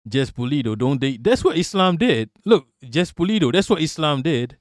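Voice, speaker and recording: A male livestream host with a somewhat high voice, chatting casually about politics. He is blunt and profane and often laughs while reacting to his chat. The sound is dry, with no room echo. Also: big pitch swings, moderate pace.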